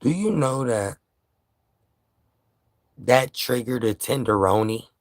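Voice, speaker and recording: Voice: mid-range voice, expressive, slow pace, dry recording, clean studio sound. A vlogger from New York ranting to camera in casual, profane street slang, heated and laughing by turns.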